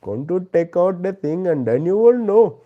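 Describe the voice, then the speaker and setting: A man's voice: high-pitched, sing-song, moderate pace, phone-quality sound, pitched above the performer's own voice. A man playing a teasing, mock-menacing uncle who scolds in a sing-song voice. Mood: mock threat.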